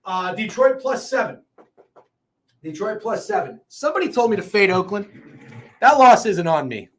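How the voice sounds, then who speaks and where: Excitable, foul-mouthed man hosting a betting show. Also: high voice, moderate pace. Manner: excitable, profane and rambling. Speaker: sports betting show host. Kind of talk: casual sports betting chat.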